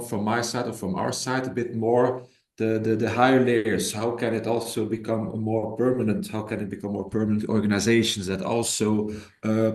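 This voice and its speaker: A man's voice: fairly low pitch, echoey room. A man presenting at an online workshop, answering a question hesitantly and repeating words as he thinks. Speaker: workshop presenter on living labs.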